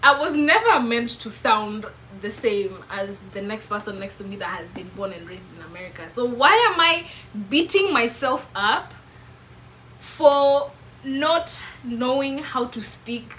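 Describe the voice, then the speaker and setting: Bright-voiced Kenyan woman vlogging. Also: medium pitch, slight background noise, rough recording. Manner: earnest, questioning, self-reflective. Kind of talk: reflective personal vlog monologue.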